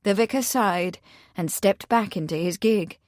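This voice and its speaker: A woman narrating a mystery audiobook in a steady, measured storytelling manner. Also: mid-range voice, no echo, clean studio sound.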